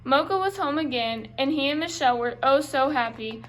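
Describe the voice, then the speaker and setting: A young woman reading a children's book aloud, in clear, carefully paced read-aloud style. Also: high-pitched, lively intonation, normal speed, rough recording. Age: young adult. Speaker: reader.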